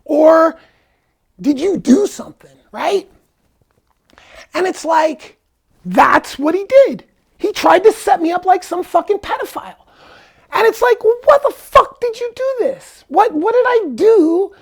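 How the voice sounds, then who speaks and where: A man's voice: very high voice, animated, unhurried, vocal fry. A man telling a personal story in a casual vlog, angry, profane and rambling. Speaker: vlogger.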